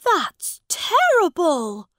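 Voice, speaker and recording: A woman voicing a young boy king who is proud and earnest, speaking in a high, commanding voice. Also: wildly swooping pitch, drawn-out words, a bit bright, dry recording, clean studio sound, exaggerated voice.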